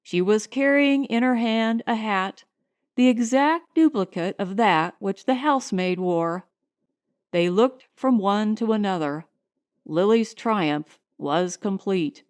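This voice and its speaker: A woman narrating an audiobook in a measured, expressive storytelling manner, recorded at home. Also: mid-range voice, clear, resonant tone, no room sound, clean studio sound. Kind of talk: scripted narration.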